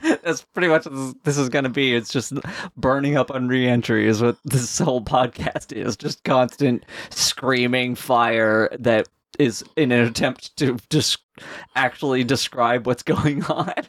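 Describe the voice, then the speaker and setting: A man co-hosts a podcast in casual chat, rambling and laughing often. His mid-range voice moves at a moderate pace, recorded dry with clean studio sound.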